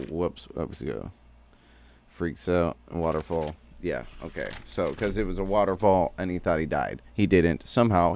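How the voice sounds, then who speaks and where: Low-voiced man giving a slangy recap. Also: a little hiss or hum. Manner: slangy, profane, rambling. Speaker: streamer. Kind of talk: casual episode recap.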